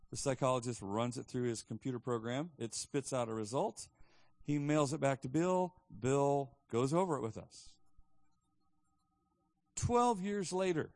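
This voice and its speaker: A man's voice: mid-range voice, a little mellow, no echo. Man preaching a sermon, chatty storyteller, dry close sound. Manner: conversational storytelling with repeated restarts. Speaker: pastor.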